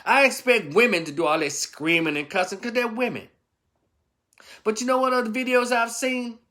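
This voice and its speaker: A man's voice: very high-pitched, moderate pace, pushed and bright. A man giving a blunt, profane, scolding opinion rant as a vlogger. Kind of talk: ranting commentary.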